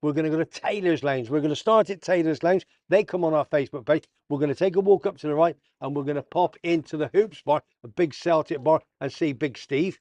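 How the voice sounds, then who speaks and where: A man's voice: on the high side, brisk, hardly any pauses, darkish tone, dry recording. A man hosting a casual sports roundup vlog, full of jokey banter and slang. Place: south of Tenerife.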